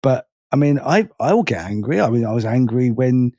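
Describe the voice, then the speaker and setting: A man talks in a casual podcast chat, halting and repeating his words as he goes, and swearing without hesitation. His voice sits at an ordinary middle pitch for a man. The sound is dry and close. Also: expressive, dark tone, no echo. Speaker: podcast co-host.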